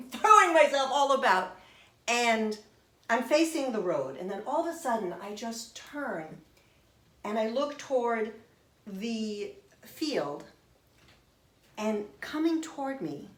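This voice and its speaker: A middle-aged woman telling a personal story in an expressive, animated way. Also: fairly high pitch. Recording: roomy echo.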